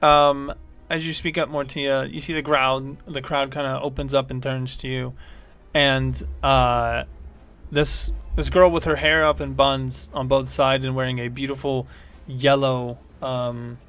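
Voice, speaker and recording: A man's voice: medium pitch, level tone, measured pace, fairly bright tone, clear, resonant tone. A man narrating as game master of a tabletop game, rambling, with many fillers and self-corrections.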